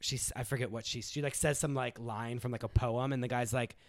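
A man's voice: mid-range voice, brisk, no room sound, clean studio sound. A young man hosting a podcast, chatting casually and rambling with lots of filler words. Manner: rambling, many "like" fillers, animated. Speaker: podcast host. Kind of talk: casual chat.

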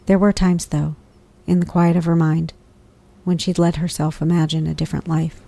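A woman narrating a podcast story in a measured, scripted way. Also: low voice, level tone, creaky. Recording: loud guitar music beneath.

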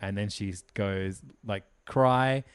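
A lower-pitched Australian man spins a loose, rambling anecdote for a podcast, full of fillers and quick laughs. His voice sits close and dry on the mic, with no room around it. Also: smooth, no room sound. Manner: rambling storyteller, laughs often, many fillers. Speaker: podcast co-host. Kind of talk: casual podcast chat.

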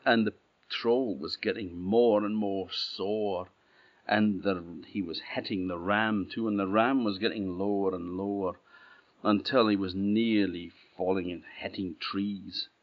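A middle-aged man with an Orkney Scots accent telling a folktale in a relaxed, plain-spoken way. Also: on the low side, unhurried. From Orkney, Scotland. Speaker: storyteller. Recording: dull, slightly muffled audio.

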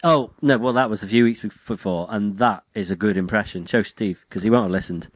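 A man in casual podcast chat, chatty and quick to laugh. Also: lowish voice, no echo. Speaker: podcast co-host.

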